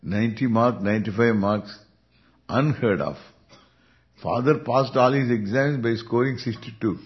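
A man with an Indian accent, a spiritual teacher giving an unhurried Vedanta discourse, chuckling often as he speaks. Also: medium pitch. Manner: unhurried, chuckling, lively intonation. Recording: dull lo-fi recording.

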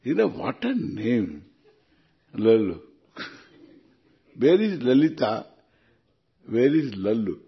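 A man with an Indian English accent giving an unhurried, chuckling lecture on scripture, chanting Sanskrit verses. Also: medium pitch, sing-song, creaky, husky, highs cut off. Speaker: spiritual teacher.

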